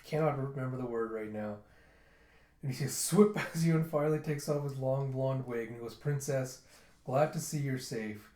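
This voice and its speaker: A man's voice: mid-range voice, fairly quick, mellow. A man casually reading through a manga, laughing and switching between character voices. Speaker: manga reviewer. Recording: roomy echo.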